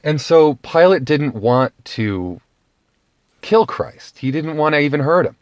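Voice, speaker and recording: A man's voice: on the high side, unhurried, no echo, dull audio. Profane, rambling male video ranter. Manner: profane, digressive, animated. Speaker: video blogger. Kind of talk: ranting commentary monologue.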